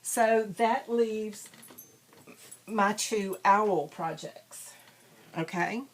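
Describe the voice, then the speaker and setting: Slow-talking woman chatting about yarn. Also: mid-range voice. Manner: chatty, rambling, self-deprecating, frequent ums. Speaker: crafting videocast host. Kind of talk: casual show-and-tell chat.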